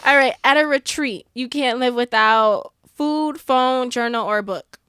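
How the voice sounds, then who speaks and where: Casting: playful woman host, fairly high voice, dry close sound. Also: a little slow, a bit bright, smooth, no echo. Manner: playful, laughs often, dialect speech. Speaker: podcast host. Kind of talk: casual chat, playing a question game.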